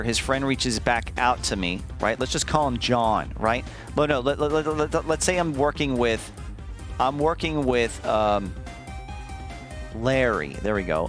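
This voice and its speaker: In a mid-range voice, this streaming man recounts a story to his chat in a loose, lively, foul-mouthed way, voicing the quoted lines as he goes.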